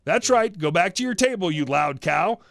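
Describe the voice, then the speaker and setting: This is a man playing a teasing young husband, sly and mocking. His voice sits fairly high and bounces around playfully over light music. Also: lively intonation, moderate pace, gravelly, a bit bright, full character voice.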